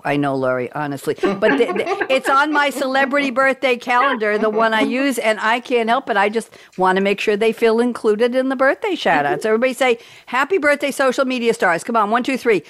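Talk show host, woman, mid-pitched, playful banter, dry close mic. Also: animated, normal speed, dry recording. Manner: chatty, jokey, reads lists of holidays.

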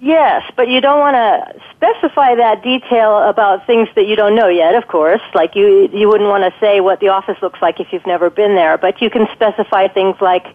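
A woman speaks over a thin, tinny telephone line, her pitch sitting in an ordinary middle register. She explains her advice patiently and thoughtfully, often pausing with ums as she works through her points. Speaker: guest expert on guided imagery. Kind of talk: conversational interview advice.

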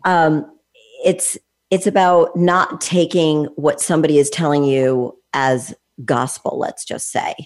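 A woman's voice: low-pitched, steady tone, measured pace. A woman in her late fifties, a fitness trainer, hosting an interview and talking in long, thoughtful, winding sentences with restarts. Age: 50s. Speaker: host. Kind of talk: conversational interview.

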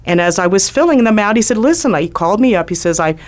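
A middle-aged woman, a former White House doctor, telling a lively personal story on a talk show. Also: on the low side, quick pace. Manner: lively anecdotal storytelling with acted quotes.

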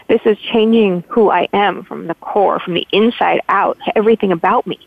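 Gravelly woman on a tinny phone line. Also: medium pitch, a little fast, few pauses, no echo. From Southern California. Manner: rambling, heartfelt, with many restarts. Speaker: guest. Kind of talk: casual interview storytelling.

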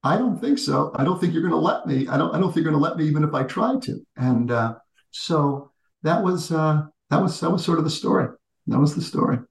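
A man in his sixties, an executive and teacher, telling stories in an animated conversational way with frequent restarts. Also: a little high, a little fast, vocal fry, reverberant, poor audio. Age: 60s. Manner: animated storyteller with frequent restarts, addresses the host by name. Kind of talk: conversational interview storytelling.

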